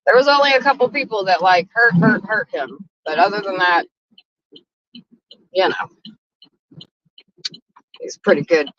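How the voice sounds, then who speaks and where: A woman hosting a casual livestream chat from a car, talking loudly with lots of profanity and frequent laughter. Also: medium pitch, no echo, dull audio. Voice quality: loud, profane, laughing often. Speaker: livestream host.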